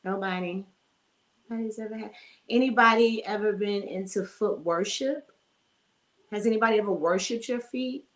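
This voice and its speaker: A woman's voice: medium pitch, moderate pace, long pauses. Chatty woman hosting a live podcast. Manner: chatty, greets live viewers by name, laughs often. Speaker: podcast host. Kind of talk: casual live-streamed podcast chat.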